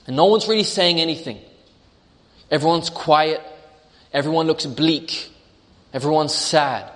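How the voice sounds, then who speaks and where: A man's voice: a little high, measured pace, long pauses, a bit bright. Man preaching in an echoing hall. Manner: storytelling, vivid hypothetical scenes. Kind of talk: sermon.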